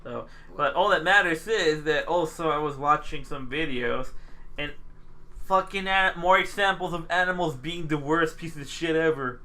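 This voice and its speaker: A man co-hosting a casual podcast, talking in an excitable, rambling way with plenty of swearing. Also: fairly high pitch, normal speed. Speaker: podcast co-host.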